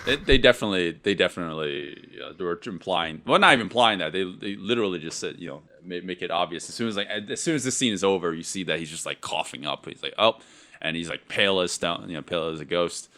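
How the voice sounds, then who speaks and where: A man with a crisp, resonant voice and a strong, bright edge chats about a movie on a podcast. He rambles through his points with plenty of sarcasm and quick laughs. His pitch sits slightly low. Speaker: podcast co-host. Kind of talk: casual film discussion. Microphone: podcast mic.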